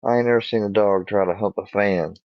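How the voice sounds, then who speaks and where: A man rambling and cursing as he talks casually to his dog, with halting restarts, on a dull lo-fi recording. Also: on the low side, dry recording.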